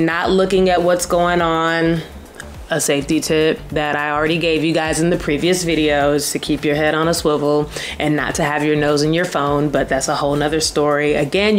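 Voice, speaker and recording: Girl vlogging, deep-ish voice, acts out the voices, lively. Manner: animated, acts out voices in the story. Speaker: travel vlogger. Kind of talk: casual storytelling to camera.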